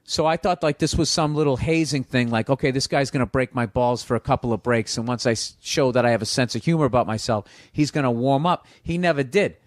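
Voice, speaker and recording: A man's voice: medium pitch, quick pace, hardly any pauses, no room sound, clean studio sound. A man telling stories casually on a podcast, swearing freely and acting out what other people said. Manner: profane, animated, acts out other people's lines. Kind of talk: casual storytelling.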